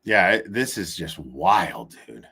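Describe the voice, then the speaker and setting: A man hosting a live call-in stream, talking in a loose, laughing, animated way. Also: deep voice, takes it slowly, vocal fry, slightly rough. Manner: animated, laughing, swearing casually. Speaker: host. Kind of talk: casual live-stream commentary.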